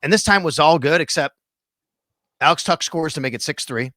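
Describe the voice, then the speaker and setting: A middle-aged man, hosting a casual sports podcast and retelling stories with animated detail. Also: fairly high pitch, normal speed, dry recording, studio quality. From Western New York. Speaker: podcast host.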